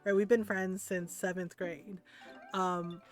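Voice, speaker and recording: A woman's voice: on the low side, level tone, takes it slowly. Chatty woman streamer telling stories. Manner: chatty, often adds "right?". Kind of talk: casual storytelling chat. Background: background music.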